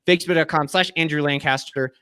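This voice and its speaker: A man's voice: a little high, steady tone, fast talker, pushed and bright, clean tone. A man in his thirties hosting a casual online chat, upbeat and slangy. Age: 30s. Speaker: host. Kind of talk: casual video-call chat.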